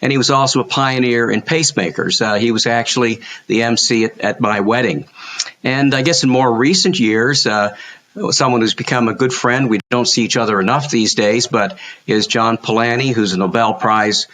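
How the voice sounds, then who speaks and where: A man's voice: medium pitch, moderate pace, fairly bright tone. An older man, a surgeon, speaking reflectively as a podcast guest over a call, with many restarts. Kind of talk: podcast interview. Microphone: video call.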